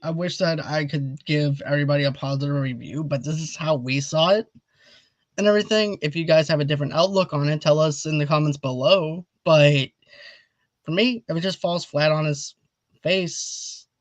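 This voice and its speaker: A man's voice: on the high side, steady tone, moderate pace, dry recording. A man hosting a casual movie review chat, rambling eagerly and urging viewers to comment. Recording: dull lo-fi audio.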